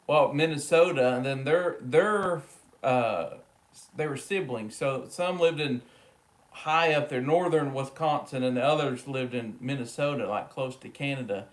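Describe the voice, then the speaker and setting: A man co-hosts a relaxed live stream, talking straight to his viewers by name. His chat is easygoing and full of jokes, at a middle pitch. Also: unhurried. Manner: chatty, joking, talks to viewers by name.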